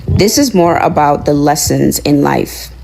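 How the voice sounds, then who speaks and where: A woman's voice: sits low, a little slow, gravelly, darkish tone, slight background noise, rough recording. A woman in a played clip delivering an earnest, sermon-like motivational talk, repeating her phrases for emphasis. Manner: earnest, preachy, repetitive phrasing. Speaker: online commentator.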